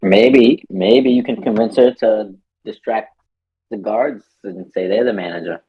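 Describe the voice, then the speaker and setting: A man's voice: lowish voice, unhurried, slightly rough. A man playing a tabletop game, talking in a playful, teasing way. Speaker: player. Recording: dull lo-fi mic.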